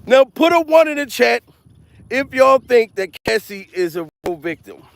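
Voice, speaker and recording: High, gravelly man ranting on a vlog. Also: very animated, normal speed, dry recording. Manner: loud, repetitive, laughing between rants. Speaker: comedian vlogger. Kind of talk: profane comedic commentary vlog. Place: outdoors.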